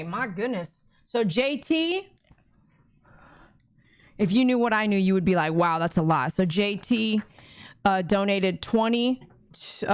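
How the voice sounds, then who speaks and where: A woman pet groomer hosting a live fundraiser stream, chatty and excitable, gushing thanks to donors. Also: medium pitch, clear, resonant tone, dry recording. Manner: excitable, gushing thanks, sings repeated thank-you chants.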